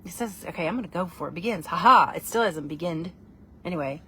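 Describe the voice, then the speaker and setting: A woman's voice: lowish voice, expressive, quick pace, pushed and bright, slight background noise. Rambling, self-mocking woman. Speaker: vlogger. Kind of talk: casual chatty vlog.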